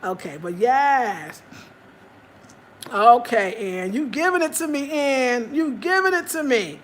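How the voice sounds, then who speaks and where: Chatty woman host, slightly high voice. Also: slow, a little hiss or hum. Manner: candid, animated, talks straight to viewers. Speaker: livestream host. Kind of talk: casual chat reading viewer comments. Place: home in Ghana.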